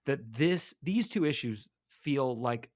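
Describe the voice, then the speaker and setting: A man in casual chat who rambles and stops himself often. His pitch sits in the ordinary middle range. The sound is dry and close to the mic. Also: animated, no room sound. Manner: rambling, halting, heavy use of "like". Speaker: podcast co-host. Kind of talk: casual chat about comics.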